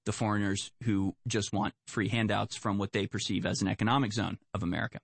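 Male commentator, sarcastic and animated, dry close-mic sound. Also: fairly low pitch, a little fast, creaky, breathy edge, dry recording. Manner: sarcastic, animated, spins mocking hypotheticals. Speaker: political commentator. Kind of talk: solo political commentary, reading news aloud.

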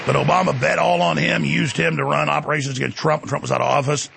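A man's voice: fairly high pitch, steady tone, creaky, heavy background noise. A middle-aged man hosting a talk show, delivering a heated, mocking political monologue. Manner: fast, heated, mocking rant.

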